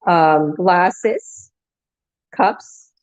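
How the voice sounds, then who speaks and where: A woman vlogger with a lowish voice speaks very slowly over poor audio. Her long, casual story wanders, with restarts and acted-out quotes along the way.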